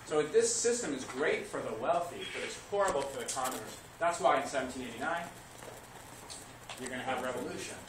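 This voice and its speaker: A man teaching history to a class, lively, asking questions and answering them himself. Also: mid-range voice, a little fast. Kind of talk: classroom lecture. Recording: echoey classroom recorded from far off, noisy.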